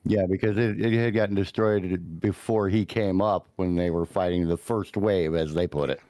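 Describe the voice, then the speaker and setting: Male co-host, lowish voice, dry close mic, enthusiastic scene-by-scene recapper. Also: fairly even intonation, normal speed, dark tone, dry recording. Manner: enthusiastic, swears casually, describes scenes with vivid detail. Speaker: podcast co-host. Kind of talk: casual chat recapping a show.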